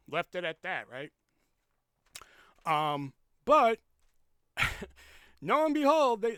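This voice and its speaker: A young man hosting a podcast, telling a story as a profane, ranting monologue and jumping up in pitch when he quotes himself. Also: smooth, no room sound, clean studio sound. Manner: animated, jumps high when quoting himself. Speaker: podcast host. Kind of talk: casual monologue.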